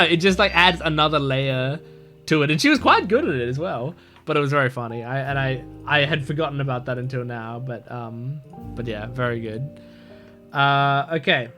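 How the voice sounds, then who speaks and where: A man casually playing a mystery game, reading its text aloud and rambling through side stories. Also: mid-range voice. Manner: rambling, full of fillers and restarts.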